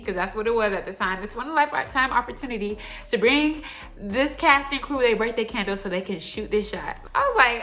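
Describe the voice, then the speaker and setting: A young adult woman telling a story to her viewers in a casual, animated, slangy way. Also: on the high side, brisk, faint music behind. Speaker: vlogger.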